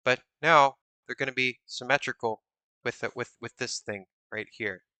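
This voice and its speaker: Building in a game on stream, a man mutters block counts and reads chat aloud, teasing viewers with playful mock suspicion. His medium-pitched, very bright voice moves at normal speed and sits dry and close on the mic, with no echo.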